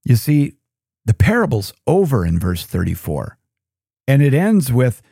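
Male scripture teacher, middle pitch, animated storyteller who keeps asking the audience questions. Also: measured pace, gravelly, breathy edge, no room sound, clean studio sound. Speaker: Bible teacher.

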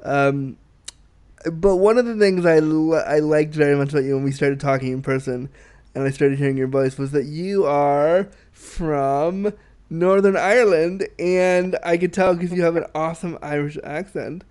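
A man's voice: on the high side, steady tone, normal speed, darkish tone, clean tone. A Canadian man hosting a podcast, chatting in an upbeat, rambling way with plenty of fillers. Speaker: podcast host. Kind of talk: casual podcast chat.

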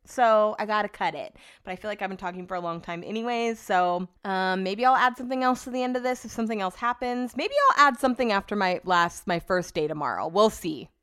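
Californian woman rambling on her podcast, swears a lot, mid-pitch voice. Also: brisk, hardly any pauses, a bit bright, clean tone. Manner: rambling, chatty and profane. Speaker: podcast host. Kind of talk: casual solo podcast chat.

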